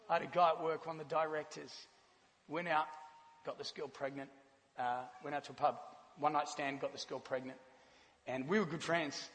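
A man from New Zealand with a New Zealand accent giving a sermon with a personal testimony, an animated storyteller who laughs often. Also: on the high side. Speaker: church speaker. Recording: long hall reverb.

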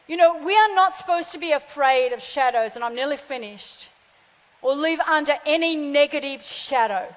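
A woman's voice: high voice, lively intonation, moderate pace, long reverb tail, poor audio. A woman preaching a sermon with fervor, calling out to her congregation for responses. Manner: fervent, calls out to congregation. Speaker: pastor.

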